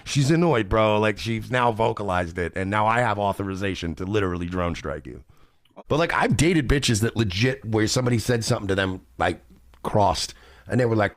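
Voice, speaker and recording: A man's voice: on the low side, animated, brisk, dry recording. A male podcast host in a crude, rambling monologue full of swearing, acting out what other people say. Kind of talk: casual monologue.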